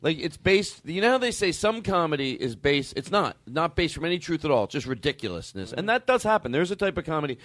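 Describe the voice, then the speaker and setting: Excitable chatty man hosting a podcast. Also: a little high, fast talker, hardly any pauses, no room sound. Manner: animated, excitable, repeats himself, laughs often. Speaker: podcast host. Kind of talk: casual podcast chat.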